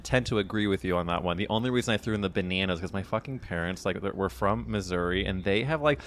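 A man's voice: sits low, fast, a bit bright, a little hiss or hum. A man from the Midwest co-hosting a podcast, chatting casually in a playful, teasing way and swearing freely. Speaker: podcast co-host. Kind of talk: casual chat.

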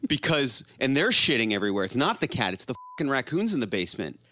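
A man telling a story in a casual, animated, profane way, often laughing as he goes. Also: mid-range voice, fast. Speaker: podcast host telling a story.

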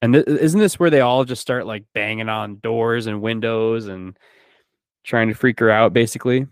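A man's voice: medium pitch, normal speed, smooth, dry recording. A man hosting a podcast, chatting casually about a film and animatedly acting out the characters' lines. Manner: animated retelling, acts out quoted lines. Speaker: podcast host. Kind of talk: casual movie discussion.

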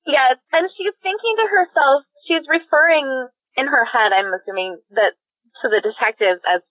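A woman of middle pitch chats about a book, agreeable and quick to giggle. Her voice sounds dry and close, squeezed through a narrow phone-like band. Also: no echo. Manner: agreeable, giggly, lots of mm-hmms. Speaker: podcast co-host. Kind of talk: casual book discussion.

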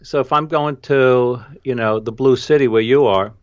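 This podcast host and photographer, who has a New York accent, talks casually on a video call, laughs easily, and fills gaps with "you know." His medium-pitched voice moves at normal speed in a dry, lo-fi recording.

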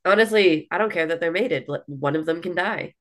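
A woman's voice: lowish voice, fairly quick. A woman co-hosting a podcast, chatting casually about a book in a blunt way, with lots of "like" and the odd swear word. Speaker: podcast co-host. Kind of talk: casual book review chat.

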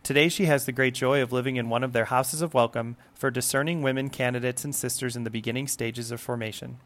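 Male host, mid-pitched, reading a scripted podcast introduction in a measured, formal way. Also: fairly even intonation, a bit bright.

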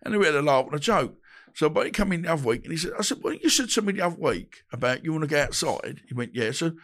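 A man's voice: a little high, expressive, fast talker, fairly bright tone. A man, telling stories bluntly in a casual interview and acting out the dialogue he quotes. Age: 50s. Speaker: guest, boxer.

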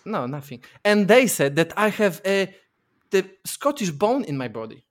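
A man's voice: high voice, big pitch swings, moderate pace. A man on a podcast, chatting playfully and trying out regional accents. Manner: playful, laughing, non-native phrasing. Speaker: podcast co-host. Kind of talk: casual chat, doing regional accents.

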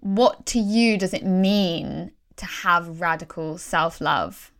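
A woman's voice: fairly low pitch, takes it slowly, a bit bright. A woman hosting a podcast interview, chatty and affirming, with frequent restarts as she relates to her guest. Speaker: podcast host. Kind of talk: casual podcast conversation.

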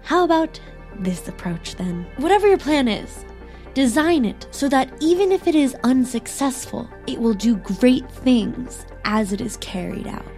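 A woman voicing a calm, wise wife who gently advises her husband, in a soft and tender voice. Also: sits high, measured pace, soft background music, exaggerated voice. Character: calm, wise, loving wife and prize-winning scientist.

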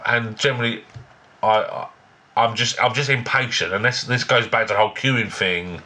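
A man in casual podcast chat, speaking fast and bluntly with a lot of swearing. His voice is mid-pitched, with a bright, tense edge. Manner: quick-talking, blunt and sweary ranting. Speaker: podcast co-host.

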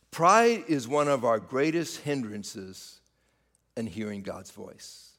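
A man's voice: medium pitch, fairly bright tone, in a large hall. A man preaching a sermon, speaking straight to his congregation and rising and falling for emphasis. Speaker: pastor.

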